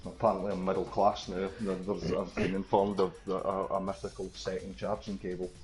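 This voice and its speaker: A man's voice: low-pitched, level tone, brisk, over music. Sardonic Scottish man, casual chat. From Scotland. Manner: sardonic, swears freely. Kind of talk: casual gaming stream chat.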